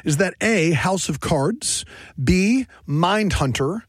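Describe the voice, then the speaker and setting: A man's voice: high voice, lively intonation, slow pace, no room sound. A man hosting a trivia game, reading questions and chatting with upbeat energy. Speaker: quiz host. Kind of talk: quiz hosting.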